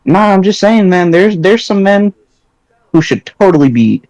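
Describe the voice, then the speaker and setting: A young man talking crude, slangy podcast banter and swearing freely. His pitch leaps around a lot as he jokes. The sound is dry and close. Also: lively intonation, moderate pace, darkish tone, dry recording, lo-fi sound. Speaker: podcast co-host. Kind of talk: casual chat.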